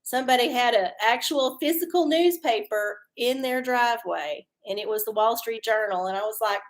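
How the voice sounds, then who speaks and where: A woman with a drawl talks casually to her live-stream audience, rambling from one story to the next. Her voice sits high, and her chat is folksy, loose and sprinkled with swearing and laughter. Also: moderate pace, few pauses. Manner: chatty, folksy, swears freely and laughs often. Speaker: livestream host doing oracle readings.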